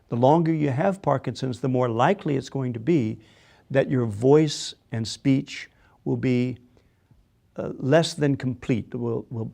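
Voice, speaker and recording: Slow, gravelly man coaching voice exercises. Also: medium pitch, warm tone. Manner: slow, patient coaching with demonstrated yawns and sung tones. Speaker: voice and speech exercise instructor. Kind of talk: guided voice exercise class.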